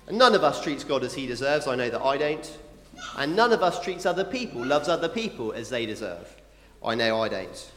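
Preaching a Christmas sermon to families in an echoey hall, where a long reverb tail follows his words, a man keeps things playful and animated. He throws asides to the kids in the mixed congregation. His slightly high voice moves through wide pitch swings.

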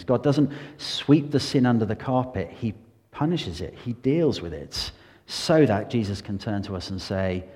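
An earnest man explains his faith in an unscripted question-and-answer session. He talks with energy and slips into quoted voices as he goes. His fairly low voice rings out with a long hall reverb. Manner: earnest, animated, acts out quoted speech. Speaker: Christian speaker answering questions.

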